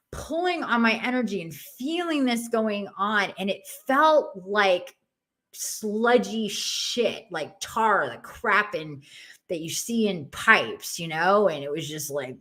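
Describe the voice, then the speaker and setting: A woman in her forties, a podcast guest telling a personal story in a casual, expressive way, acting out the voices she heard. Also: medium pitch.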